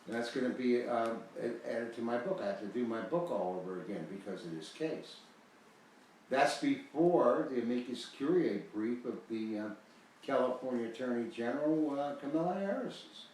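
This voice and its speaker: A man's voice: mid-range voice, expressive, normal speed, darkish tone, heavy reverb, distant mic, a little hiss or hum, rough recording. An older American man, retired, giving a rambling, emphatic, folksy talk promoting his foreclosure guide. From United States. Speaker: host selling a foreclosure guide.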